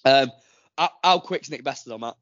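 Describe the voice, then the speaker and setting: A man's voice: mid-range voice, moderate pace, fairly bright tone. A man hosting a podcast, chatting casually and rambling through plenty of fillers. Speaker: podcast host. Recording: dull, dry lo-fi recording.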